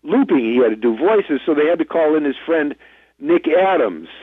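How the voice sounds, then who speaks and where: A man's voice: on the high side, lively intonation, normal speed, slightly rough, no echo. A man, an actor guest, telling rambling, self-deprecating stories in a casual interview over the phone. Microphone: telephone. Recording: tinny dry phone line.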